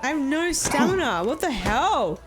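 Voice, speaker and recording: Woman streamer playing a game, high swoopy voice, swears a lot, faint music behind. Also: very animated, normal speed. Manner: swearing, exclamatory, giggly. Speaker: gaming streamer. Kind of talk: casual let's-play commentary.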